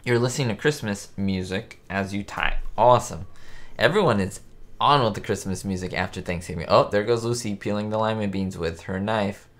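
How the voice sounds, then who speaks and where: Casual male live-stream host, lowish voice, loose and rambling delivery for a facecam chat. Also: brisk. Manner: rambling and chatty, many fillers and restarts.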